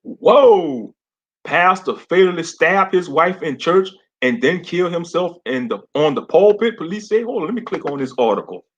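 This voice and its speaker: A man's voice: fairly high pitch, expressive, moderate pace, lo-fi sound. A man hosting a casual online commentary stream, blunt and slangy, laughing often.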